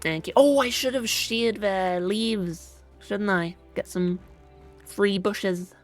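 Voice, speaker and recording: A woman's voice: mid-range voice, slow, faint music behind. A woman with a British accent giving chatty, self-mocking commentary while playing a game, often talking to things in it. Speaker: gaming channel host. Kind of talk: let's play commentary.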